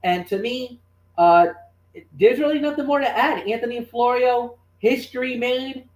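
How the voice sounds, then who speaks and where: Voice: medium pitch, a little slow, roomy sound, poor audio. A co-host on a wrestling podcast, talking in a loose, rambling way with fillers before handing over to his partner. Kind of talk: casual chat.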